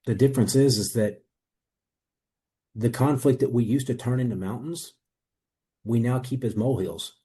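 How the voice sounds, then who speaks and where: A man's voice: medium pitch, normal speed, long pauses, warm tone. A man in a testimonial interview, earnestly and reflectively telling his own story as a coaching client.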